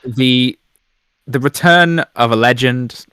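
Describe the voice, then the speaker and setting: A man co-hosts a casual podcast with dry, teasing humor and pointed questions. His voice sits at an ordinary middle pitch. The sound is close and dry. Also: slow, sharp tone, clean tone, no echo. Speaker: podcast co-host.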